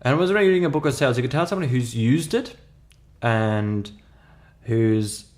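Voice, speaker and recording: A man's voice: mid-range voice, moderate pace, darkish tone. A man in his thirties with a foreign accent, telling a story in a casual podcast conversation, emphatic with many restarts. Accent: foreign accent in English. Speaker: podcast co-host.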